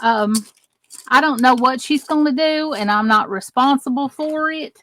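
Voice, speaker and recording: Her voice is high-pitched and sharp, with a measured pace. This middle-aged crafting host from the United States runs a live tutorial, chatty as she works with her hands and greets viewers by name.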